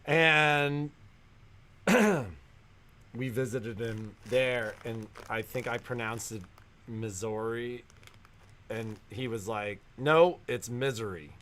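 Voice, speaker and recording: A man's voice: mid-range voice, slow pace, bright, forceful tone. A man co-hosting a casual livestream, telling wry stories and dropping dry jokes. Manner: wry storyteller, dry jokes, laughs at his own stories. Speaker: livestream co-host.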